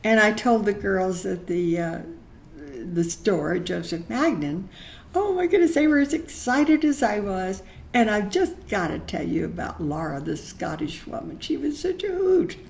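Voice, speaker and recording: An older woman recounts a story from her past in a chatty, affectionate manner. She talks slowly, letting the tale unfold at an easy pace. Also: mid-range voice, expressive, vocal fry, slight background noise. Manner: chatty, affectionate, laughs often. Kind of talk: memoir storytelling.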